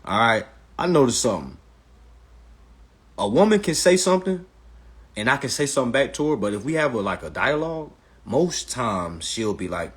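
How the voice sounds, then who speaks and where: A man in his thirties hosting a casual live stream chat in an animated, preachy way, with loud exclamations and muttered asides. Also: medium pitch, normal speed, breathy edge. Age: 30s.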